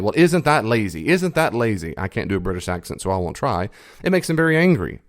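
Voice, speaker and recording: Man with a low, dry voice, lecturing emphatically. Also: no room sound. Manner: emphatic, repeats key phrases, stretches stressed words slowly; lively swings in pitch for emphasis. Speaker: podcast host. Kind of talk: explanatory podcast lecture.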